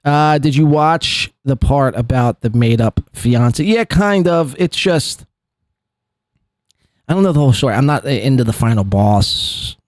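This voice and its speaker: A man's voice: medium pitch, animated, unhurried, a little mellow, no room sound, studio quality. A man hosting a live podcast, rambling through clip commentary with lots of fillers and laughs. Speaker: podcast host.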